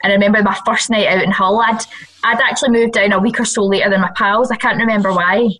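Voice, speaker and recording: A woman's voice: mid-range voice, fairly even intonation, quick pace, sharp tone, poor audio. A woman in her thirties with a Glaswegian accent, telling stories as a chatty, laughing podcast guest. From Glasgow, Scotland. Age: 30s. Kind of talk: casual chat.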